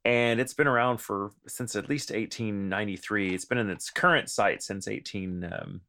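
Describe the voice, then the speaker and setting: A man's voice: on the low side, normal speed, pushed and bright. A man from Texas speaking in an affected mid-Atlantic accent, co-hosting a podcast in casual, theatrical chat and laughing often. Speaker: podcast co-host.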